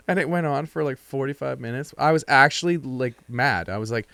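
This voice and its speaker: Playful young man, lively bouncing pitch. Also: fairly quick, gravelly, hardly any pauses, no echo. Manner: playful, teasing, swings in pitch. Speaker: podcast co-host. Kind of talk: casual chat.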